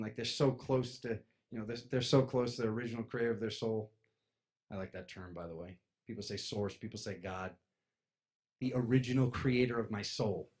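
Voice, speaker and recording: A man giving a casual spiritual talk to an audience, telling stories and acting out other people's voices. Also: mid-range voice. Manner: animated, acts out voices in stories, addresses crowd as "you guys". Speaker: spiritual speaker.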